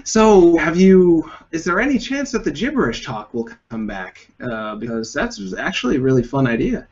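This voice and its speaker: Lively husky-voiced male interview host. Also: fairly high pitch, normal speed, lo-fi sound. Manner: curious, playful questioning. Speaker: podcast host. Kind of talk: casual interview chat.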